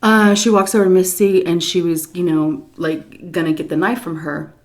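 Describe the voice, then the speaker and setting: A chatty woman in her thirties tells a story between bites, animated and full of fillers. Her voice sits on the lower side and moves loosely. It sounds like she is speaking at a table into a camera mic. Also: moderate pace. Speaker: vlogger. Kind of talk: storytime vlog while eating.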